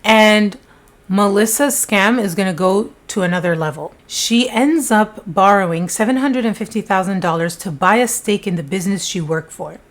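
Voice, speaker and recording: A woman's voice: mid-range voice, moderate pace. A woman casually telling a true-crime story to camera in a chatty, conversational way, with frequent asides.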